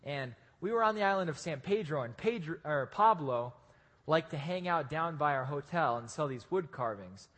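A man preaching a casual, joking sermon to a live audience, with lively restarts. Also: fairly high pitch, moderate pace. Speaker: pastor. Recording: echoey hall.

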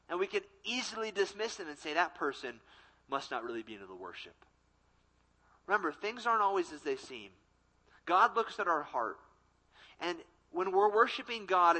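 A young adult man, a college ministry pastor, delivering a sermon with emphatic repetition and quick acted-out quotes. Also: on the high side, bright, forceful tone, poor audio.

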